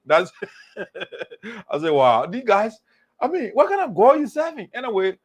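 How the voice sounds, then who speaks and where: A man hosting a political talk show, animated and mocking, repeating phrases for emphasis. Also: sits high, measured pace, slightly rough. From Liberia. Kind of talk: political commentary monologue.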